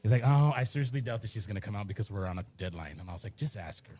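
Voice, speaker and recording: A man's voice: on the low side, expressive, rapid-fire, mellow, breathy edge, no echo, faint music behind. A middle-aged man from the Rio Grande Valley, telling rambling stories in casual chat and acting out the quotes. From Rio Grande Valley, Texas. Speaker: musician and radio guest.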